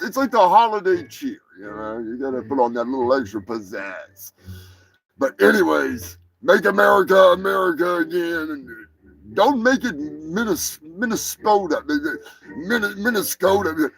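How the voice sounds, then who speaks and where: A man's voice: fairly high pitch, wildly swooping pitch, unhurried, vocal fry, fairly bright tone, soft background music. A man hosting a comedy livestream, joking around in a crude, loose way. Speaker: livestream host. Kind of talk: casual banter on a comedy livestream.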